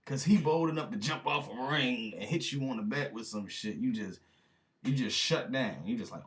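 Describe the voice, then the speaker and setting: A man's voice: mid-range voice, animated, moderate pace. A man hosting a reaction video, talking casually and with disbelief, laughing now and then and speaking straight to his viewers in slang.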